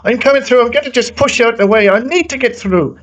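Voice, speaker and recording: A man's voice: very high voice, brisk, a bit bright, pitched above the performer's own voice, low-quality recording. A man voicing a brash, pushy young male racing driver who barges his way through. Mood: cocky. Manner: cocky, barging.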